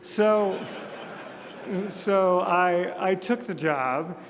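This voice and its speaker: A man's voice: sits high, drawn-out words, a little hiss or hum. Man telling jokes in an echoey hall. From Montana. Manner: self-deprecating storyteller, jokey asides. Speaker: speaker at a conference. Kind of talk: humorous keynote speech. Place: large conference hall. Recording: echoey hall with long reverb.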